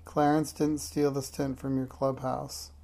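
A storyteller reading a calm, clever boy detective from a children's book in an even, unhurried way. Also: medium pitch, gravelly.

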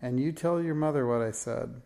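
A man voicing a pudgy, bullying male constable in a storybook reading, talking in a gruff, threatening way. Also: mid-range voice, moderate pace, warm tone, close to an everyday voice.

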